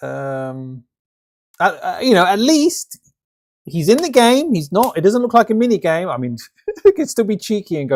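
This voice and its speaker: A man's voice: high-pitched, big pitch swings, moderate pace, darkish tone. A man hosting a live stream, rambling and ranting about a game trailer in casual reaction commentary. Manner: rambling, ranty, lots of restarts and fillers.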